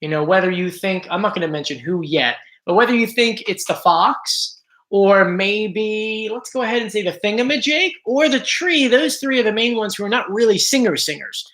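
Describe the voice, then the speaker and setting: A man's voice: high voice, animated, moderate pace, a bit bright. Male stream host, casual and talkative, reads out viewer names, slightly strained voice, home setup. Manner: chatty, greets viewers by name. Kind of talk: casual live-stream chat.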